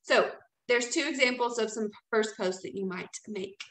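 A woman's voice: fairly high pitch, normal speed, a bit bright, reverberant, low-quality recording. A woman leading a casual training talk, chatty and encouraging, often checking in with "okay?". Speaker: team leader training new sellers.

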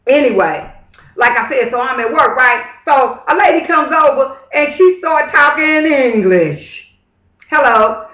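A man's voice: very high voice, expressive, measured pace, sharp tone. A man talking straight to camera in a casual, preachy vlog monologue, emphatic and fervent, with repeated rhetorical asides. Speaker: vlogger. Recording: roomy echo.

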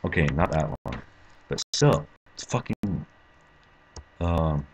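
A young man commentating his own gameplay, frustrated and swearing, with sudden angry yells. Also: extremely low pitch, animated, slow, noisy background. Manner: frustrated, swearing, bursts into yelling. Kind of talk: let's play commentary.

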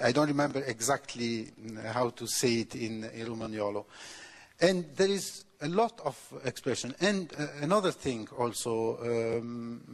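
Slow, halting man in a reverberant hall. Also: medium pitch. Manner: halting, many fillers and restarts, mixing English and Italian. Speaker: author answering audience question. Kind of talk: hesitant Q&A answer. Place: college lecture hall.

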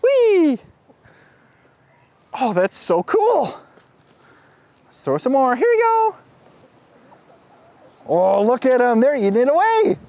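A man with a bright, high voice presenting to small children outdoors by a farm pen. His pitch leaps up and down wildly as he gasps in excitement and sing-songs animal noises. He sounds like a kids' show host. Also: unhurried, dry recording.

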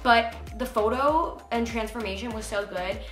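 A young woman recaps a prank with bubbly, offhand energy and casual swearing. Her voice is bright and forward. It sounds like she's in an echoey room with faint music playing underneath. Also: on the high side, normal speed. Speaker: vlogger. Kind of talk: casual vlog chat.

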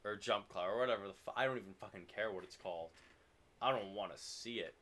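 A man streaming a video game, commenting live and swearing in loud frustrated outbursts. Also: fairly low pitch, quick pace.

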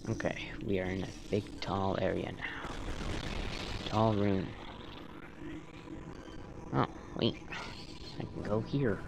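A man's voice: low voice, fairly even intonation, slow, creaky, long pauses, noisy background. A man in a put-on British accent gives rambling let's-play commentary and talks to the enemies on screen. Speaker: gamer. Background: game music.

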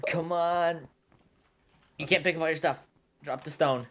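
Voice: medium pitch, steady tone, a little slow. A friend bantering casually and sarcastically about another player's gameplay, often laughing. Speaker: friend watching the run. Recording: loud background noise and clicks.

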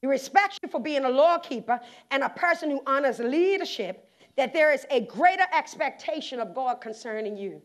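A Bermudian woman pastor preaching a sermon in a church, moving from quiet conversational stretches to loud shouts with laughing asides. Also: high-pitched, expressive, moderate pace. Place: church sanctuary.

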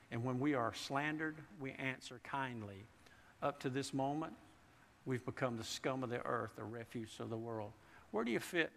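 A man's voice: mid-range voice, fairly bright tone, a little hiss or hum. A man preaching a sermon in a folksy way, repeating and restarting words and asking the congregation questions. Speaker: pastor. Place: church sanctuary. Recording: long church reverb.

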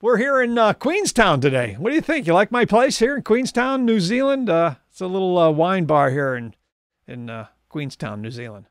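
A man's voice: sits high, very animated, moderate pace, no room sound, clean studio sound. A man hosting a live music stream, crooning songs and chatting with viewers in a rambling way between songs, laughing often. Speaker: host and singer. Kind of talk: live-stream lounge singing and chat.

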